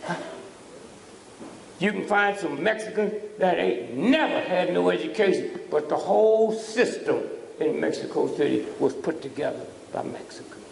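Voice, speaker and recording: A man's voice: high voice, a little slow, vocal fry, a little mellow, slight background noise. An older man giving a fiery public lecture, preachy and provoking, often tossing out "huh?" at the audience. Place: lecture hall. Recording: echoey hall from a distance.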